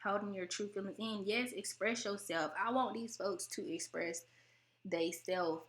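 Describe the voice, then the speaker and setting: A young American woman hosts her own channel, chatting casually and animatedly to the camera at an unhurried pace, with slight background noise. She laughs often and mimics relatives in high voices, and her voice sounds close to tears even when she isn't upset.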